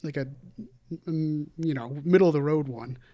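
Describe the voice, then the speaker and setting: A man's voice: a little high, normal speed, warm tone. A man co-hosting a comedy podcast, chatting casually and laughing often. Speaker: podcast co-host. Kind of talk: casual chat.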